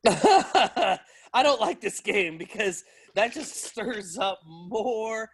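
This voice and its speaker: A fairly high-voiced man speaks as a podcast guest. He is frank and self-mocking, and laughter keeps slipping into his speech. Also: lively intonation, drawn-out words, husky. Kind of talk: casual chat.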